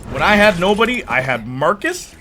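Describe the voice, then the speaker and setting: A young man chatting casually while streaming a game, telling stories in an animated way with lots of fillers. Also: sits high, normal speed, crowd noise. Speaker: gaming streamer.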